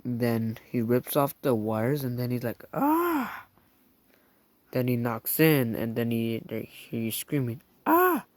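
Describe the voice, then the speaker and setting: A man's voice: medium pitch, fairly even intonation, unhurried, hardly any pauses, a little mellow, no room sound. A man casually recapping a show scene by scene, rambling and chatty, adding his own sound effects. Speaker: show reviewer.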